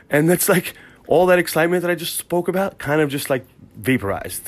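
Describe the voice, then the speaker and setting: A man hosting a podcast, telling a rambling, profane, excitable comic story from work. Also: a little high, quick pace. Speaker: podcast host. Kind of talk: casual comic storytelling monologue.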